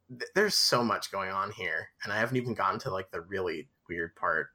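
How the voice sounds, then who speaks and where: A man's voice: deep voice, fairly quick. A man co-hosting a podcast, reading a children's book aloud with dry, amused asides and frequent laughter. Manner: wry, amused, laughs often, reads in a flat deadpan. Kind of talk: casual chat with read-aloud passages.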